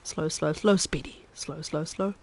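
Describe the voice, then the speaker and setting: A woman's voice: deep voice, a little slow, creaky. A woman with a New Zealand accent, chatting self-mockingly through live gaming commentary. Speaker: streamer.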